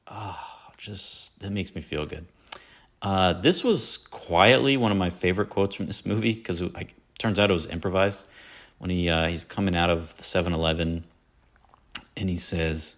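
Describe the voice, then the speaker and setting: A man with a low-pitched, steady voice speaks at a moderate pace, his tone fairly bright. He's hosting a casual solo podcast about movies, rambling, poking fun at himself over his favorite films, and slipping into quoted lines.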